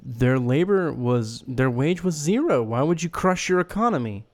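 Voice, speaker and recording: A man co-hosting a podcast in casual, animated chat, joking and swearing freely. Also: mid-range voice, moderate pace. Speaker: podcast co-host.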